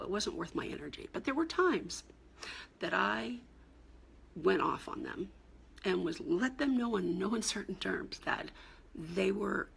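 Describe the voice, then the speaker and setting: A middle-aged woman, a cancer coach, giving blunt, exasperated advice straight to camera in a husky, gravelly voice. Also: medium pitch, a bit bright. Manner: blunt, exasperated, emphatic with rising outbursts. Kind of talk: direct-to-camera advice talk.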